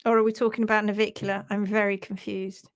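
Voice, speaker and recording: A woman's voice: medium pitch, little pitch movement, fast talker. A woman hoof trimmer hosting a casual live stream, playful and giggly as she reads viewers' comments aloud.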